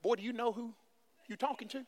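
A sassy, stern mother scolding her grown son with open threats, put on by a male preacher. The voice stays high and bright, clipped and no-nonsense. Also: animated, a little slow, creaky, a little hiss or hum, full character voice.

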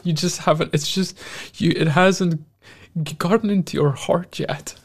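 A man hosting a devotional talk, speaking in an earnest, heartfelt sermon style. His voice sits a little high and carries a gravelly fry. He talks very slowly and leaves long pauses between his phrases. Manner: earnest, emotional, pausing often. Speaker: host.

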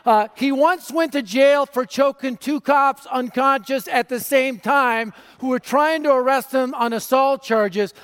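A man from North Denver giving an energetic, humorous gospel talk on a conference stage, speaking into a stage microphone. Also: extremely high pitch, measured pace, few pauses, clear, resonant tone, soft background music. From North Denver, USA. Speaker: evangelist speaker. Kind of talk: gospel message speech. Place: large conference hall stage. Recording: reverberant hall.

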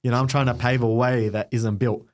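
A man's voice: medium pitch, brisk. Australian man telling his story. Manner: animated storytelling with acted-out quotes. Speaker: guest content creator. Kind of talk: casual podcast conversation.

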